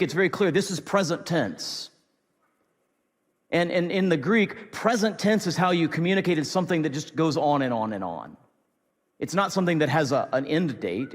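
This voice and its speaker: A pastor preaching a sermon in an earnest, repetitive way, moving between loud emphasis and soft near-whispers. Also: male voice, high voice. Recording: long hall reverb.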